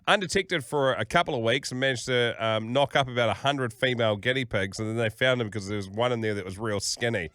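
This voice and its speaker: Bantering New Zealand podcast co-host. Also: male voice, mid-range voice, fast, few pauses, fairly bright tone, no echo. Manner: bantering, reads segment intros. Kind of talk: casual chat.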